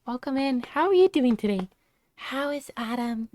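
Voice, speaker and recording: A woman's voice: high voice, expressive, normal speed, dark tone. A woman streamer chatting casually on a live stream, bubbly, with cutesy baby-talk words.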